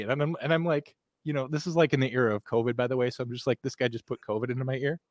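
A man guesting on a podcast, casually telling a rambling, animated anecdote with plenty of swearing. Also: mid-range voice, fast, no room sound, clean studio sound.

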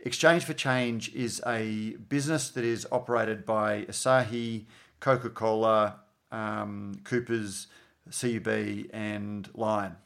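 A man's voice: fairly low pitch, slow pace, creaky. A man with an Australian accent, a journalist co-hosting a podcast, chatting casually and acting out quoted conversations. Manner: animated storytelling, acts out quoted dialogue.

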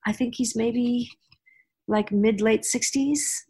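A woman's voice: fairly high pitch, fairly even intonation, slow pace, warm tone, slightly rough. A woman hosting a podcast, chatting casually and rambling with frequent restarts. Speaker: podcast host. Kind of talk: casual chat.

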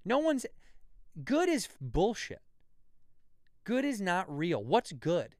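A man in his thirties joking around as a podcast guest, with a smooth, clean voice recorded close and dry. He riffs in long comic rants, swears freely and slips into quoted voices. The talk is loose and casual. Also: sits high, wildly swooping pitch, slow pace, no echo. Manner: riffing, swearing, mock rants, acts out quotes. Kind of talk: casual comedic chat.

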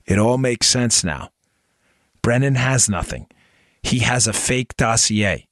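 Bright, ranting male political podcast host. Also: medium pitch, slow, no echo, clean studio sound. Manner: sarcastic, excitable, ranting. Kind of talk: political commentary.

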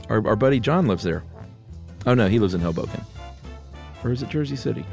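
A man co-hosting a podcast, reading listener mail aloud in a relaxed, casual way with easy laughs. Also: medium pitch, fairly quick, gravelly, soft background music. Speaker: podcast co-host.

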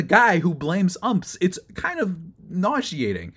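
A man's voice: high-pitched, wildly swooping pitch, slow, few pauses, husky. Man ranting about a baseball game. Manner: exasperated, ranting, rising to loud outbursts; rambling with fillers and restarts. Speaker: sports podcast host. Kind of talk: solo sports recap rant.

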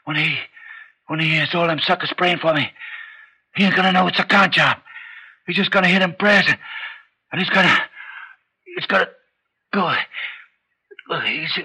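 A gravelly dying gangster boss. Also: male voice, high voice, moderate pace, long pauses, bright, forceful tone, full character voice, low-quality recording. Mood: fearful. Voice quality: gravelly, rough street slang. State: bedridden and weak. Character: dying old gangster boss, scheming and bullying. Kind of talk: 1960s radio drama acting.

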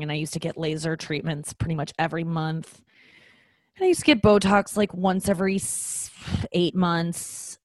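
Low-voiced woman, candid comic monologue. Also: no echo. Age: 30s. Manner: candid, self-deprecating and profane, with frequent ums and restarts. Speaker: comedian hosting a podcast. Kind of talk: casual comedic monologue.

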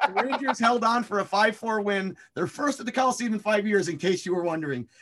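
Male co-host, high voice, casual rambling chat full of fillers. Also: brisk, noisy background. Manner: rambling, hesitant, many fillers and restarts. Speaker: podcast co-host.

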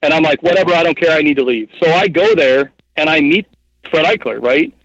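A man in his thirties rambles through a story as an interview guest, packing his talk with fillers and tangents. His voice sits a touch high for a man. The sound is dry and a little dull. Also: fairly quick, no echo. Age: 30s. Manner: rambling, animated, heavy with fillers like "like" and "you know what I mean". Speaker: guest, hunting guide and cameraman.

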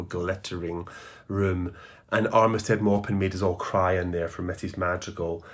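Guy, low husky voice, chatty and nostalgic, lots of little asides. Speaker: podcast founder and host. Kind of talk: reflective farewell monologue.

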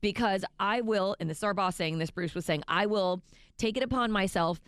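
A woman co-hosting a morning radio show, teasing her co-host with exasperated, lively banter. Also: medium pitch, fairly quick, clean tone.

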